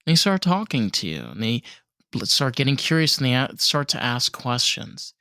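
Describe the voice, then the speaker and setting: Earnest podcast host, dry close sound. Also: male voice, medium pitch, sing-song, sharp tone, clear, resonant tone, no room sound. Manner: earnest, reflective, quick asides. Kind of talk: casual interview chat.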